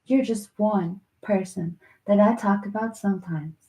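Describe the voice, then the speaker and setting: A woman vlogger in an emotional direct-to-camera monologue, talking straight to an absent person, halting and repeating herself. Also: medium pitch, dark tone, reverberant.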